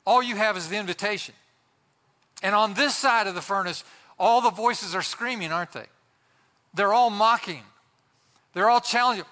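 Man, pastor, high bright voice, impassioned sermon, long church reverb. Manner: impassioned preaching with dramatic pauses.

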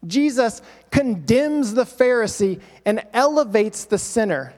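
A man's voice: very high-pitched, lively intonation, moderate pace, hardly any pauses, in a large hall. A male pastor preaching a sermon, acting out quoted voices with emphatic repetition.

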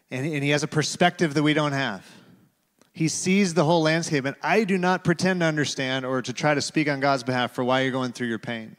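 A man's voice: fairly high pitch, a little fast. Man preaching in a reverberant hall. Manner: conversational, with many fillers, dropping to a hush for quotes. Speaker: pastor. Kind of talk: sermon with personal storytelling. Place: large church auditorium.

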